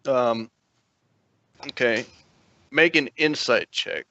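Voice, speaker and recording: A man's voice: mid-range voice, takes it slowly, bright, forceful tone. A man narrating as dungeon master in an easygoing way, laughing often, on dull lo-fi audio. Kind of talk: narrating a tabletop game. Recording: dull lo-fi dry stream audio.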